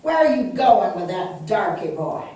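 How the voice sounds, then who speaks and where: A woman's voice: mid-range voice, sing-song, unhurried, warm tone, slight background noise. A woman reading aloud as harsh male soldiers who bark and jeer, in an echoey room from a distant mic. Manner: barking, jeering.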